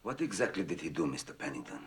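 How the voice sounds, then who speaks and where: An actor playing a calm police inspector asking questions quietly and patiently, in a film drama. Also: male voice, rumbling low, fast talker, slight background noise. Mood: probing. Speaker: police investigator.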